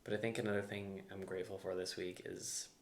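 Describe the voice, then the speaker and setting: A man's voice: low voice, little pitch movement, fast, vocal fry, slight background noise. A man co-hosting a podcast in loose, rambling casual chat, swearing and restarting sentences. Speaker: podcast co-host. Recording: echoey room.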